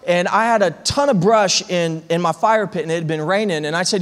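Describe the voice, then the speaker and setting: A male pastor preaching a sermon as an animated comic story, often repeating words as he gets going. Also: sits high, brisk, hardly any pauses, big-room sound. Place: church sanctuary.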